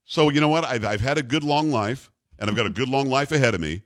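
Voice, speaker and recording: A man's voice: mid-range voice, fast talker. An older man hosting a talk radio show, ranting in a blunt, combative and jokey way. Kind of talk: opinionated talk radio rant.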